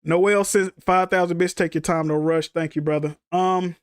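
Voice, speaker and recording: A man's voice: high-pitched, steady tone, moderate pace, clean tone, no room sound, clean studio sound. A grieving man livestreaming, venting emotionally to his chat in rambling, profane casual talk.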